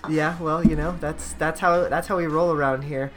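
A man's voice: on the high side, fairly even intonation, normal speed. Chatty upbeat male podcast host. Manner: upbeat, chatty, laughs easily. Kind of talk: casual podcast chat.

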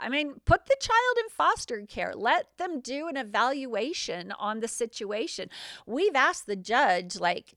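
A woman's voice: fairly high pitch, fairly bright tone, no echo, clean studio sound. A middle-aged woman hosting her show, recounting events in an indignant, sarcastic way. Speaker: host. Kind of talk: personal account monologue.

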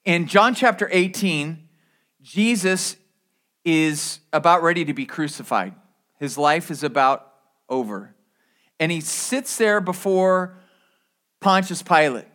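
Male pastor, higher-pitched voice, casual sermon with asides and restarts. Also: animated, slow, long pauses, fairly bright tone. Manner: conversational preaching with asides and repeated restarts.

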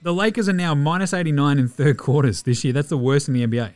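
An Australian man hosting a podcast, giving a fast, casual sports recap, excitable and swearing freely with jokey asides. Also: fairly high pitch, dry recording, faint music behind. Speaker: podcast host.

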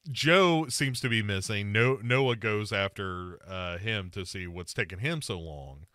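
A man's voice: fairly low pitch, sharp tone, dry recording, clean studio sound. A man hosting a podcast, casually recapping a movie with wry mock quotes. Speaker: podcast host. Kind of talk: casual movie review chat.

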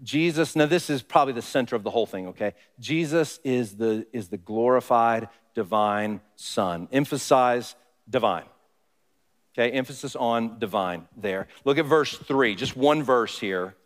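A man's voice: medium pitch, moderate pace. A man preaching a sermon to his congregation in a conversational way, often asking the listeners questions. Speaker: pastor. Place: church sanctuary. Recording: long reverb of a church hall.

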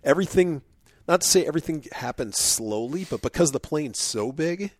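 A man in casual chat with a co-host, telling a story with lively acted-out quotes and plenty of fillers. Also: a little high, normal speed, no echo. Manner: animated storyteller, acts out quotes.

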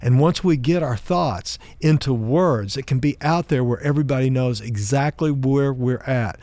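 A male pastor teaching in a calm, measured, conversational manner, building his points through simple examples. His voice sits at an ordinary pitch for a man and is recorded close and dry, with almost no room sound. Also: dry recording. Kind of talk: teaching talk on relationships.

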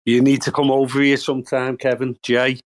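A man's voice: medium pitch, monotone, brisk. A man from Liverpool with a Liverpool accent, asking a question politely and hesitantly, with self-deprecating remarks. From Liverpool, England.

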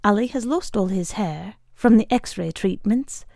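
A woman reads a short story aloud in a wry, measured voice. Her tone is gravelly and of medium pitch. The sound is dry and close, with no room around it. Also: lively intonation, dark tone, dry recording. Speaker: reader.

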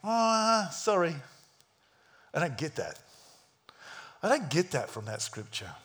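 A man delivers a sermon as dramatic storytelling, acting out the scenes and voicing other characters. His medium-pitched voice is very animated, and he keeps a moderate pace.

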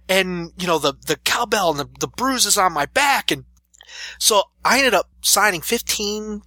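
Brief: thirties man, wrestler guest, lively storyteller, bright tone, dry close sound. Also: sits high, dry recording. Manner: animated storyteller, laughs through stories. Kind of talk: casual interview storytelling.

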